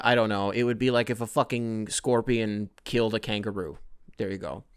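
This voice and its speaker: A man's voice: fairly low pitch, clean tone, dry recording, clean studio sound. A man hosting a casual solo sports podcast who rambles, swears freely, jokes and reads listener emails aloud. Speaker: podcast host.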